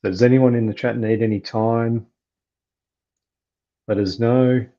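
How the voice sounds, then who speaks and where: A man's voice: medium pitch, fairly even intonation, slow, warm tone, lo-fi sound. A man hosting a casual movie watchalong, easygoing as he leads the stream and talks to the chat. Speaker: channel host.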